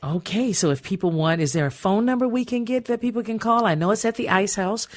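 A woman's voice: mid-range voice, fast talker. Chatty radio lady hosting an arts show, upbeat, laughs a lot. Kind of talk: radio interview.

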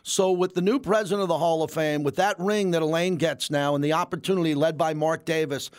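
A man hosting a sports talk show who tells stories and builds his points slowly. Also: fairly high pitch, fairly even intonation, clean tone. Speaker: show host.

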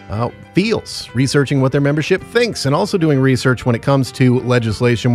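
A man hosting a casual morning podcast, rambling and joking with his producer, with plenty of fillers. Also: mid-range voice. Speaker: podcast host. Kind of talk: casual morning show chat.

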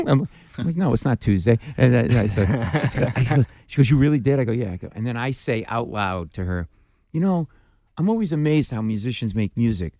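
A man, a stand-up comedian, telling a story in an animated way, acting out the voices and shrieking at the funny parts. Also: mid-range voice, brisk, no echo, clean studio sound. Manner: acts out dialogue, mimics screams, self-deprecating.

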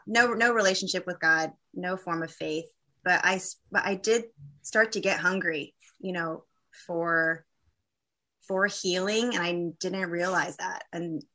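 Bright-voiced woman telling a heartfelt story. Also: medium pitch. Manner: candid, halting, many fillers and restarts. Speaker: guest. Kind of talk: personal testimony in a conversation.

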